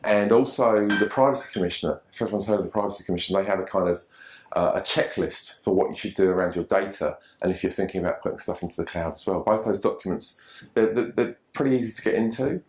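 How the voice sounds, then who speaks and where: A man's voice: on the low side, quick pace, darkish tone. A man gives a seminar talk on online safety to a live audience, casual and conversational, with frequent restarts. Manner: conversational, repeats words and restarts often. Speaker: presenter from an online safety group. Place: meeting room with live audience. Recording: echoey room.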